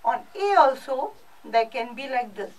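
A woman's voice: fairly high pitch, very animated, unhurried, recorded from a distance, low-quality recording. A female French teacher with an Indian English accent, giving a recorded class lesson and explaining patiently with lots of repetition.

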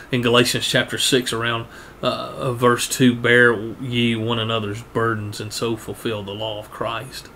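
A man preaching a sermon, earnest, often repeating words and rising in pitch to press a point. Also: fairly bright tone, slight background noise.

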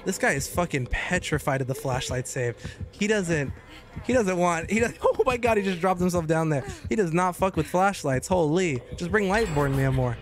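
A man giving joking, excitable commentary while streaming gameplay, often breaking into high shouts. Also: normal speed, soft background music. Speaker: gaming streamer.

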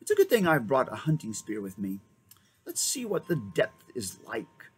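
A man reading aloud and voicing a bold, quick-thinking schoolboy who speaks urgently and emphatically. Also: medium pitch, wildly swooping pitch, soft background music.

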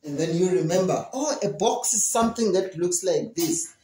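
An English teacher giving an online lesson to young children, slowly repeating and drilling questions and answers. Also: medium pitch, expressive, warm tone, roomy sound, a little hiss or hum, low-quality recording.

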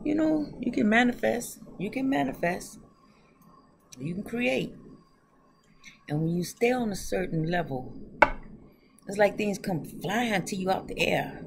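Gravelly-voiced woman rambling to viewers. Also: medium pitch, expressive, unhurried, long pauses, a little hiss or hum. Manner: rambling, chatty, talks straight to viewers; laughs often. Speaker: tarot reader. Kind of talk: casual tarot reading vlog.

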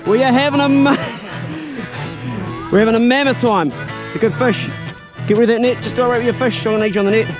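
A man giving excited, encouraging commentary while fishing from a boat, whooping at each catch. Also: very high-pitched, very fast, music in the background. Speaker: fishing channel host. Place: outdoors on a small fishing boat.

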